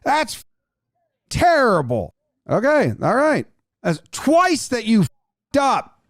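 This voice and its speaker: This is a furious middle-aged baseball manager who shrieks high and swoops wildly up and down. His rant comes out slow and drawn-out, full of cursing, and the sound is dry and close. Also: wildly swooping pitch, dry recording, exaggerated voice. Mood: mocking. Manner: shouting, cursing rant with bleeped words. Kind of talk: comedy impression with voiced lip-reading.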